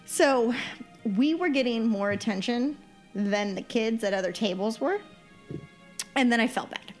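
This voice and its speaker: A woman on a casual podcast, a lively storyteller who acts out the dialogue in her anecdotes. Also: a little high, measured pace, faint music behind. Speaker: podcast co-host giving a trip report.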